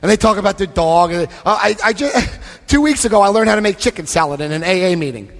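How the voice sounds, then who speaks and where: A man giving a lively, joking talk to an AA convention crowd, often acting out other people's voices. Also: high-pitched, fast talker. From United States. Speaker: AA convention speaker. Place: large convention hall. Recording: live hall recording with long reverb.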